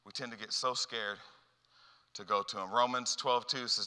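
A man's voice: mid-range voice, steady tone, moderate pace, sharp tone, smooth. A man preaching a sermon as a pastor, telling stories and acting out dialogue with lots of repeated phrases. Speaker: youth pastor. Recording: long hall reverb.

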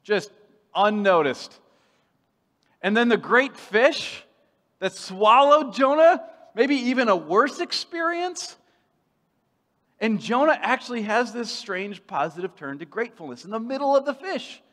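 Animated male preacher in a reverberant hall. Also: very high-pitched, a little slow. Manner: animated, playful, swings from loud to hushed. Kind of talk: sermon.

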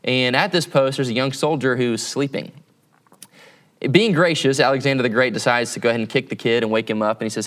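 A man's voice: medium pitch, a little fast, fairly bright tone. A man preaching as a campus pastor in a conversational sermon, often checking in with tag questions.

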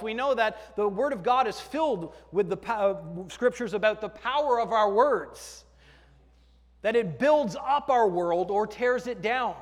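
In a church sanctuary, a pastor with a high-sitting voice preaches a sermon to his congregation in a conversational style, joking with the people in the pews. The sound carries the feel of a big room.

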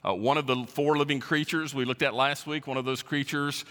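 Pastor, male, bright forceful delivery, verse-by-verse sermon in a reverberant church hall. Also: mid-range voice, steady tone, fairly quick. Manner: teaching verse by verse, stressing key words. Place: church sanctuary.

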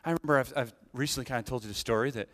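A man's voice: mid-range voice, rapid-fire, a bit bright, in a large hall. A man preaching a sermon as associate pastor, telling a story animatedly and checking in with "right?".

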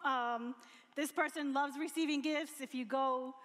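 A woman co-hosting a casual chat, laughing easily and explaining things quickly. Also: high-pitched, fairly even intonation, a bit bright. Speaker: co-host. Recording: long hall reverb.

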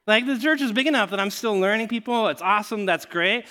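A male pastor speaks to his congregation in a bright voice that sits a little high. His delivery is halting, full of fillers and restarts, and he shifts between a prayer and a story told in a sermon. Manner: hesitant, many fillers and restarts; grows animated and laughing while telling a story.

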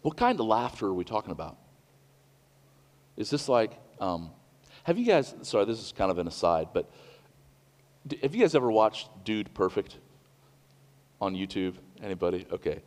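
A man's voice: on the low side, big pitch swings, moderate pace, pauses often, darkish tone. Man preaching in a reverberant hall. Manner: earnest, conversational preaching with restarts and asides. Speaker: pastor. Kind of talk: sermon.

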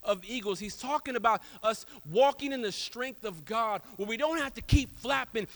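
A man preaching a sermon in an animated way, swinging from loud to soft. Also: very high voice, normal speed, few pauses. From Houston, Texas. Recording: long echo of a large hall.

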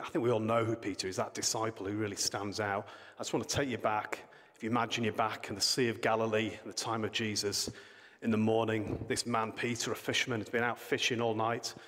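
A man's voice: on the low side, a bit bright. A man giving a sermon, retelling a Bible story in a plain conversational way, then praying and reading scripture aloud. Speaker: preacher. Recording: long reverb of a hall.

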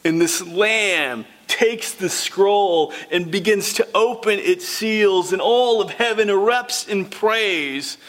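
High-voiced man preaching a sermon. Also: takes it slowly, few pauses, fairly bright tone. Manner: earnest, repeats phrases for emphasis. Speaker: pastor.

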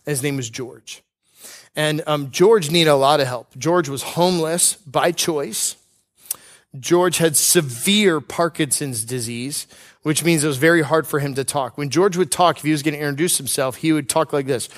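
A male pastor delivers a conversational sermon in a voice sitting a little higher than most men's. He is earnest and personal, drops in light humor, and slows right down to press home his main points.

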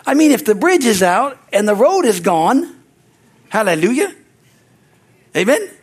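Brief: high-pitched man, preaching pastor, fervent, peppers lines with hallelujah and amen, swings from loud to hushed. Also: sing-song, a little slow, slightly rough. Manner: shifts between loud rises and low, quiet asides. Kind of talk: sermon.

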